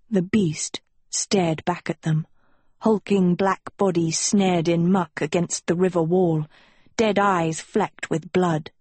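A woman narrating an audiobook in a measured, unhurried storytelling manner. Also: on the low side, a little mellow, breathy edge, no room sound. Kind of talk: scripted narration.

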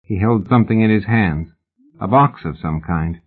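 A man narrating a story in a steady, even reading voice, with a tinny, phone-like sound. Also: fairly low pitch, normal speed, husky. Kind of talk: audiobook narration.

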